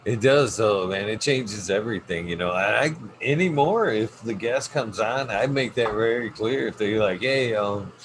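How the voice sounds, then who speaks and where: Man, deep voice, podcast host, easygoing rambling chat, cursing, noisy background. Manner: relaxed, rambling, swears freely. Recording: steady background noise.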